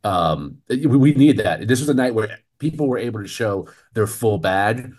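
A man co-hosting a casual postgame basketball chat, opinionated and animated, laughing often. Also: fairly low pitch, moderate pace. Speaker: co-host of a postgame show.

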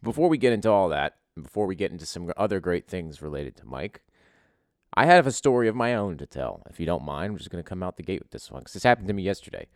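Man, podcast host, low voice, lively swinging pitch, dry close sound, crude joking storytelling. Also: fast talker, dry recording. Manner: profane, joking, animated.

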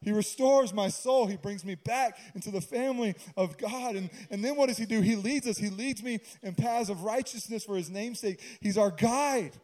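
High-voiced man preaching casually. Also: normal speed, hardly any pauses, darkish tone. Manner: conversational preaching with humorous asides. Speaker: pastor. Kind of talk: sermon.

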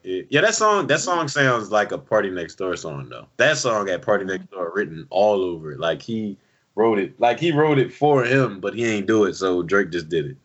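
A man co-hosting a podcast, chatting casually about music in an animated, slangy way full of "yo". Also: fairly low pitch, moderate pace. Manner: animated, slangy, drops lots of "yo". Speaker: podcast co-host. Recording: dull lo-fi recording.

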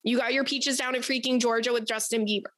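A young woman hosts a casual advice podcast with a fairly high voice. She rambles through her stories in an animated way and swears freely. The recording is dry and close to the mic. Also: fast, no echo. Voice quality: animated, profane, rambling storyteller. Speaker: podcast host.

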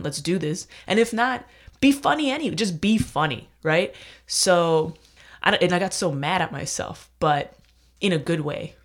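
Solo podcast host and comedian, mid-pitched, rambling and profane, self-deprecating, restarts a lot. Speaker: stand-up comedian. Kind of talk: casual rambling podcast monologue.

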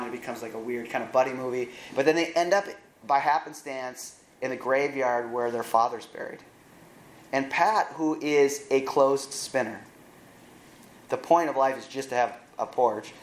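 Guy preaching and retelling a movie plot, lively with dry little jokes, echoey room with faint hum behind. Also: medium pitch, normal speed. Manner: animated retelling with wry asides. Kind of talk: sermon storytelling.

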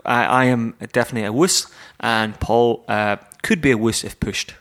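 A man's voice: medium pitch, moderate pace, a bit bright. A man co-hosting a podcast, telling a self-deprecating story in casual chat. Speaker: podcast co-host.

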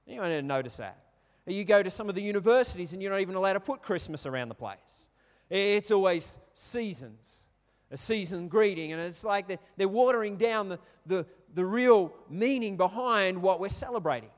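A pastor with an Australian accent, in his thirties, speaks in an animated, fairly quick voice that sits high. His sermon is chatty and full of stories, with questions put to the congregation, recorded in a reverberant hall.

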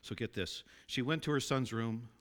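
Conversational male preacher. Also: normal speed. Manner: conversational preaching, asks the congregation to agree, drops to soft low emphasis. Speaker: pastor. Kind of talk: sermon.

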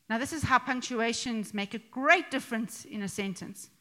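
A woman's voice: a little high, lively intonation, normal speed, bright, forceful tone. A middle-aged woman giving a conversational sermon to a church gathering, chatty and joking, with asides and laughs. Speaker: speaker addressing a church gathering.

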